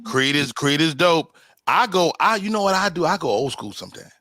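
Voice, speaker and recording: A man's voice: a little high, lively intonation, a little fast, pushed and bright, no room sound. A man hosting a podcast in casual chat, playful and joking. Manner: playful, joking, quotes people in put-on voices. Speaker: podcast host.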